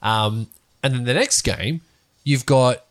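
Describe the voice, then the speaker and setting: A man's voice: mid-range voice, slow. A man co-hosting a sports podcast, rambling and laughing as he talks. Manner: rambling, laughs often, trails off and restarts. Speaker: podcast co-host. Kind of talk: casual sports chat.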